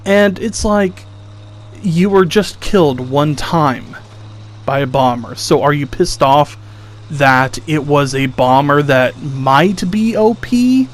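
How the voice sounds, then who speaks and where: Speaking slowly in a slightly high voice, a young gaming commentator vents sarcastically over footage of gameplay. Exasperated, he mocks the people criticizing him with whiny impressions.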